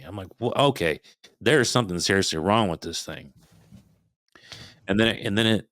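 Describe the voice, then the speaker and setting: A man's voice: deep voice, dry recording, clean studio sound. A man in his thirties, a podcast guest, tells a story casually, swears freely, acts out his own past thoughts and imitates the noises he heard. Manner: imitates sounds while telling a story.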